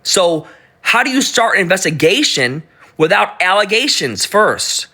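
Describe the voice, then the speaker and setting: A man's voice: high voice, very animated, measured pace, sharp tone. A man in his thirties talking casually on a live stream, blunt and profane, often stumbling and restarting his sentences.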